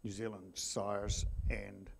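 A man in the audience asking a question at a conference, haltingly, with restarts as he searches for words. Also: lowish voice, little pitch movement, creaky.

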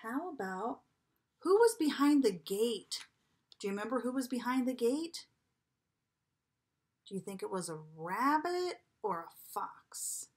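A preschool teacher reading a picture book aloud to young children, asking them coaxing questions and dropping now and then to a whisper. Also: female voice, fairly high pitch, slightly rough. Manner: animated, slow, coaxing questions to children, drops to a whisper at times.

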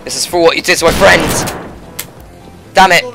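A man hosting a gaming channel, giving excitable let's-play commentary and yelping and shouting at the game. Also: on the high side, moderate pace, creaky, over loud music.

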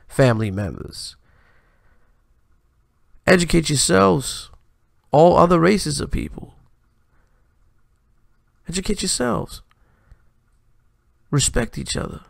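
This is a man hosting a commentary stream, and his voice has a gravelly, fry-laden edge. He speaks in a preachy, emphatic way, as if lecturing his audience. The sound is dry and close, with no room echo. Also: a little high, lively intonation, takes it slowly, pauses often. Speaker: live-stream host. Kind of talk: commentary vlog.

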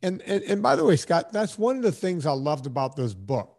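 A man's voice: on the high side, very animated, fairly quick, creaky, a little mellow. A man in his fifties hosting a podcast, telling stories in a rambling, casual way and acting out the voices of people he quotes. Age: 50s. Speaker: podcast host. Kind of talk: casual storytelling chat.

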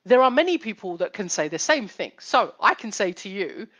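A woman's voice: mid-range voice, big pitch swings, moderate pace, fairly bright tone. A woman psychotherapist hosting a live stream, explaining step by step, repeating key points and asking rhetorical questions. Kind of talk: live-streamed teaching talk.

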